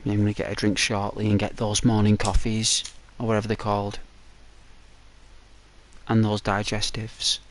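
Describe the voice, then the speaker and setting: A man chatting casually during a break in his game stream, his throat dry and croaky, rambling and peppering his talk with "like". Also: on the low side, monotone, moderate pace, long pauses. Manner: rambling, full of "like".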